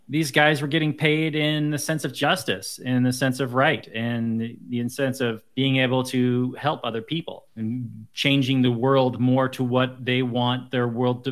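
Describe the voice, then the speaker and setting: Male podcast co-host, casual, animated, prone to mocking reenactments. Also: medium pitch, normal speed, few pauses. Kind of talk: casual chat.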